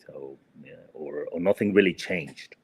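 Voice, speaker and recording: A man co-hosts a podcast English lesson as the teacher, sounding hesitant and using many fillers, often tagging "no?" onto his sentences. His voice sits low, creaky and slightly rough, at a measured pace.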